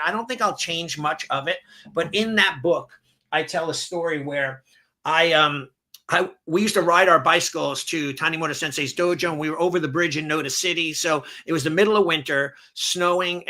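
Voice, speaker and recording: A middle-aged man speaks in a bright, slightly raised voice, chatting casually on a podcast. He tells stories with animation, acting out the people in them. His delivery stays easygoing and conversational. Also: fairly high pitch. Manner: animated storyteller who acts out quoted voices. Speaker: martial arts instructor, podcast guest. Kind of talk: casual storytelling. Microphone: seen on video, holds up books to camera.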